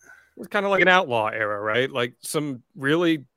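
A man interviews his co-host casually, building each question with plenty of setup. His pitch sits in the middle, and the sound is dry and close. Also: lively intonation, moderate pace, pushed and bright, clean tone, no room sound. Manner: conversational, asks long setup questions.

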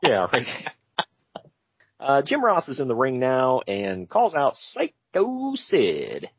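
A man's voice: medium pitch, wildly swooping pitch, slow pace, husky, no room sound. A man co-hosting a podcast, casually recapping wrestling with jokey asides and frequent laughs. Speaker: podcast co-host. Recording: dull lo-fi sound.

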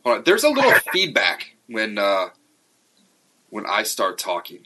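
A man hosts a podcast interview over a remote call that has some feedback, asking chatty, friendly questions. His lowish voice has a sharp tone, huge pitch swings, and a measured pace.

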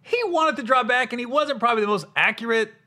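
A man's voice: very high-pitched, fast. A man hosting a podcast, telling stories in casual chat with plenty of swearing. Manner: animated, profane storyteller. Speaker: podcast host.

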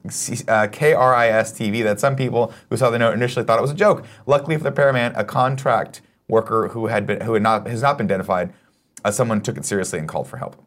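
A man's voice: on the low side, quick pace. A man co-hosting a casual morning chat show, reading a news story aloud with profane asides. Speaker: co-host.

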